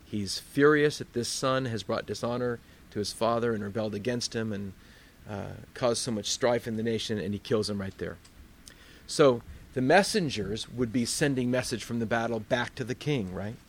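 A man's voice: medium pitch, moderate pace. Man preaching a storytelling sermon. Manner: conversational storytelling, acts out voices.

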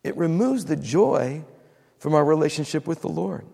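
A man's voice: a little high, animated, moderate pace, vocal fry, dark tone, husky, in a large hall. A man preaching a sermon as pastor, acting out quotes and repeating words for emphasis.

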